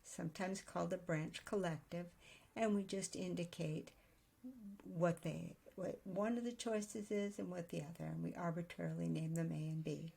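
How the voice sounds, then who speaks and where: A woman teaching writers in a thoughtful, explanatory way, pausing to reason aloud as she goes. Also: lowish voice, fairly even intonation, gravelly, dark tone, slightly rough. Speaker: writing teacher. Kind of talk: daily video lesson on note-taking.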